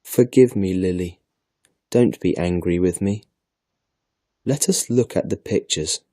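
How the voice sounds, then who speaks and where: A man's voice: sits low, a little slow, warm tone, dry recording, studio quality. Man doing a know-it-all sulky boy. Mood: boastful. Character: boastful sulky young boy.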